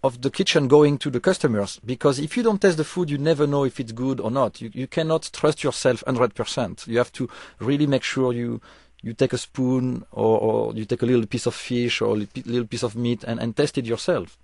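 A man's voice: medium pitch, fairly even intonation, fairly quick, vocal fry, a little mellow, dry recording, studio quality. A man who is a chef, answering radio interview questions earnestly, explaining with frequent restarts. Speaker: chef, studio guest.

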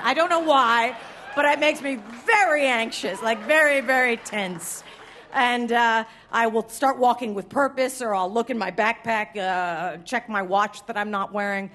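A woman's voice: a little high, fairly bright tone. A woman doing a stand-up set on a stage, rambling through self-deprecating asides with mock-formal phrasing. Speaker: stand-up comedian. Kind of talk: stand-up set before a live audience. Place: live music venue stage.

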